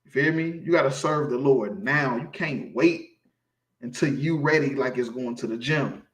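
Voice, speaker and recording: A man's voice: mid-range voice, moderate pace. Emphatic preaching man, echoey room. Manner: emphatic, preachy, keeps asking "you feel me". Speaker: street preacher teaching scripture. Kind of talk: informal sermon.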